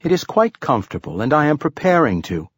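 A man's voice: on the high side, sing-song, a little fast, breathy edge, dry recording, studio quality, voice pushed up. A man doing a prim talking ship computer. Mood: matter-of-fact. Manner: polite, precise and matter-of-fact.

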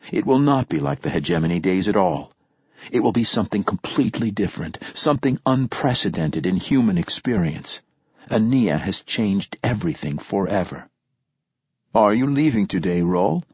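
A man giving steady, reflective first-person audiobook narration. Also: deep voice, normal speed, husky, dry recording. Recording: dull, dry lo-fi recording.

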